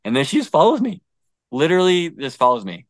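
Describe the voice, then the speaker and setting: A young American man telling a story in a casual, animated way, with lots of fillers, laughs and swearing. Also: a little high, fast, dry recording. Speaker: guest recounting an encounter.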